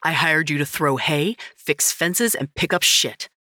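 A woman's voice: deep voice, measured pace, pushed and bright, no room sound, studio quality. A woman voicing a stern male ranch owner who scolds curtly through his teeth. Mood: stern scolding.

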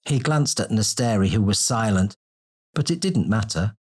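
A man narrating a fantasy audiobook in a steady, descriptive storytelling manner. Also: fairly low pitch, normal speed, breathy edge.

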